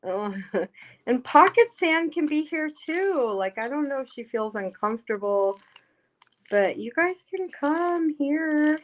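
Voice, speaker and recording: Slow-talking woman hosting a livestream. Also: sits high, lively intonation. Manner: blunt, swears freely, reads chat aloud. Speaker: livestream host. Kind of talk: casual live-stream chat. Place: home.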